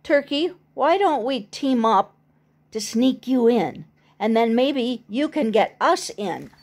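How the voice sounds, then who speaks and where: A woman voicing a gruff male farm pig hatching a plan during a picture-book reading. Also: on the high side, lively intonation, slow, exaggerated voice. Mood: scheming.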